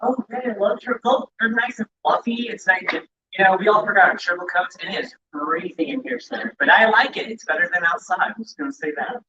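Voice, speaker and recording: A man emcees a live convention in a large indoor hall, his high, sharp voice moving fairly quickly with few pauses. Chatty and apologetic, he stumbles over names while calling out groups. The recording is echoey, with a distant, dull sound.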